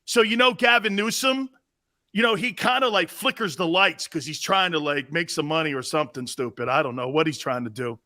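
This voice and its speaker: A middle-aged man hosting a live sports talk stream, loud and animated, laughing as he reads the chat. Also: fairly high pitch, fairly quick. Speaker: sports talk show host.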